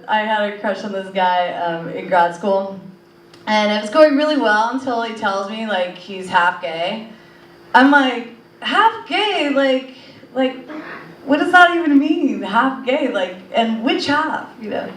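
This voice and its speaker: Recorded from afar in an echoey club, with a bit of hiss or hum, a young woman with a mid-range voice does a stand-up set. Her delivery wanders and is packed with fillers.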